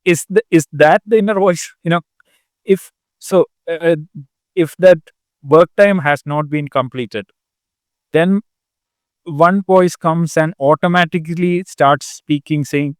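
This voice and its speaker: A man interviewing a guest, feeling his way through long questions with many pauses and fillers. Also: on the high side, dry recording, studio quality. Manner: hesitant, many fillers while forming questions. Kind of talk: conversational interview.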